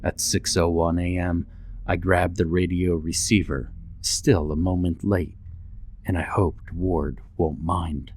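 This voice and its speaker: A man narrating a horror story in the first person, with measured, dramatic storytelling. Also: low voice, dry recording.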